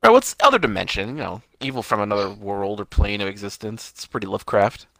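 Male co-host, bright and animated, joking casual talk, dry close sound. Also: lowish voice, quick pace, gravelly, no echo. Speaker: podcast co-host. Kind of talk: casual chat about a TV show.

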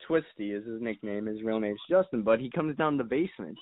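Speaking a little fast in a fairly low voice, this young adult guest on a laid-back podcast spins meandering, faux-solemn tales loaded with filler words and curses. His audio sounds dry and thin, almost phone-like.

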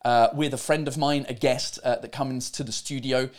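A man hosting a live-streamed drinking chat show in a studio, loud, playful and profane, switching between English and French. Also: mid-range voice, steady tone, normal speed.

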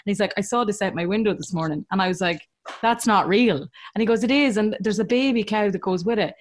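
A woman's voice: mid-range voice, fast talker. A young Irish woman chatting casually on a podcast, telling stories animatedly and laughing often. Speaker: podcast co-host. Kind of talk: casual chat.

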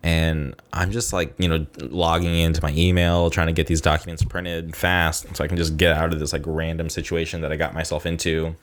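A man with a very low voice chats casually to his viewers. He tells a story in a loose, meandering way, packing it with fillers. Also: flat delivery, brisk, few pauses. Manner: loose and rambling, heavy on fillers like "like" and "you know". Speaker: vlogger.

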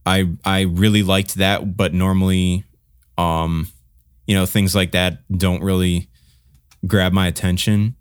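Podcast co-host, male, lower voice, rambly and casual, dry close recording. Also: little pitch movement, unhurried, clear, resonant tone, no echo. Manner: rambling, many fillers and restarts, hums riffs. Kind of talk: casual music review chat.

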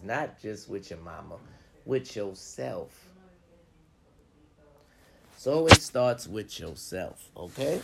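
A man's voice: on the low side, gravelly. A man giving a casual, profane pep talk to listeners, swearing freely and acting out grumbling inner voices. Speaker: motivational talker.

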